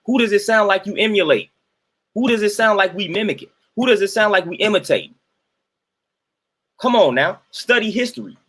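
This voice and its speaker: Man, slightly high and husky, emphatic preachy livestream host. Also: fairly bright tone. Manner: repetitive, emphatic, sermon-like cadence.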